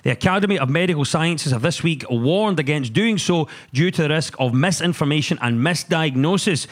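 A man with a slightly high voice, hosting a comedy quiz. He reads brisk scripted links. His punchlines come out dry. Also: lively intonation. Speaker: quiz show host.

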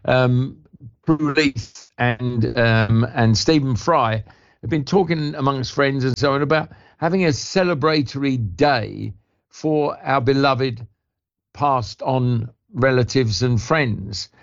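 A man's voice: mid-range voice, slow pace. Older man chatting down a lo-fi line. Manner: rambling, warm anecdotal storytelling with restarts. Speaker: guest actor. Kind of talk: radio interview chat. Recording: lo-fi phone line.

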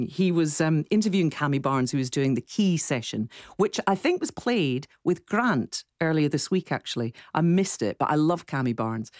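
A woman presenting a radio show in a low, very animated voice. She chats and laughs easily. The studio sound is close and dry. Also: no echo. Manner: chatty, laughs easily, warm phone-in banter. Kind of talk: lively radio chat.

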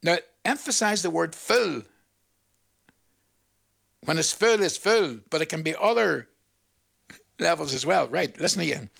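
A man's voice: on the high side, lively intonation, a little slow, gravelly, long pauses, a bit bright. An older man presenting a radio request show, chatty and playful, laughing at his own jokes.

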